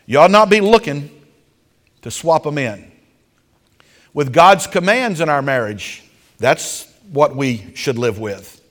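A man preaches in a fairly high voice that swoops and climbs with lively animation, telling stories with dramatic flair. His sermon rings through the long reverb of a large hall. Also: slow, pauses often. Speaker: pastor.

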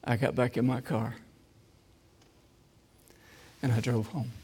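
A man preaching a sermon with personal testimony, swinging from loud emphasis to hushed, slow, repeated phrases. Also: mid-range voice, little pitch movement, breathy edge, big-room sound.

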